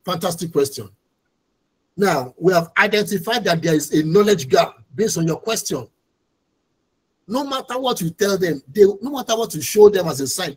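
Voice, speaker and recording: An instructor teaches a class over a video call. The voice is a little husky, and the delivery is patient and explanatory, often going back over the key points. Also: mid-range voice, rough recording. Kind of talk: online training lecture.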